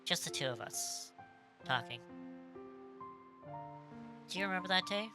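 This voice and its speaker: A streamer voicing a stern but gentle young woman, reading her game lines softly and wistfully. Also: mid-range voice, expressive, unhurried, over music, voice pushed up, close to an everyday voice.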